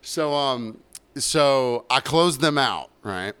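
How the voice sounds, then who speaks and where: A man spins a profane tale from behind the bar, slipping into the voices of customers and coworkers as he goes. His pitch rises and falls a lot as he talks. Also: slow pace, smooth, no room sound. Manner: animated, profane, acts out quoted voices. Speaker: bartender. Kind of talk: casual storytelling chat.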